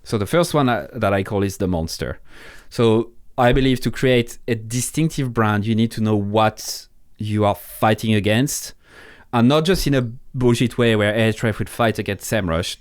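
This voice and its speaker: A man's voice: lowish voice, normal speed, no room sound, studio quality. A man with a French accent, a podcast guest in casual interview talk, blunt and swearing freely, often restarting his sentences. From France.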